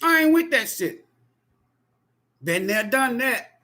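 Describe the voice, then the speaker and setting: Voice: medium pitch, very animated, slow pace, bright, forceful tone. Profane, emphatic tarot reader ranting. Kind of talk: impassioned spoken monologue.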